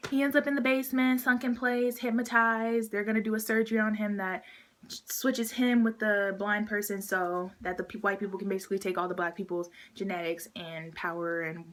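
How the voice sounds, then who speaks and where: A woman's voice: mid-range voice, fairly even intonation, brisk, a bit bright. A woman vlogger talks through a movie's story in a casual, rambling way. She fills her sentences with "like" and "um" and drops into little impressions of what people say. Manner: chatty, fillers like "like" and "um", acts out quotes.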